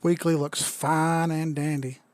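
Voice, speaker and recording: A slightly tipsy young man riffs on crypto charts over a live stream, cracking crude jokes as he goes. His voice sits a touch high and sounds close and dry, with no room around it. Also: flat delivery, measured pace, darkish tone, dry recording. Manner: loose, joking, profane, says he is drunk. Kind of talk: casual live-stream commentary.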